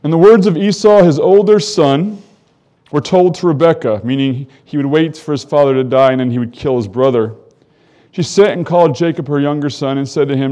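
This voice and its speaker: A man leads a Bible teaching, moving between reading scripture aloud and explaining it in his own words. His voice sits a little high for a man and rises further, more animated, whenever he quotes the characters. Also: a little fast. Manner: reads scripture aloud and stops to comment; animated, voice climbing when quoting the characters. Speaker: preacher.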